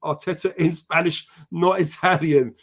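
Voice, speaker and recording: Male host, brisk and profane, slightly high voice, reeling off viewer shout-outs. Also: fairly even intonation. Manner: chatty and profane, greeting viewers by name. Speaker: podcast host. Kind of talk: casual live-stream chat.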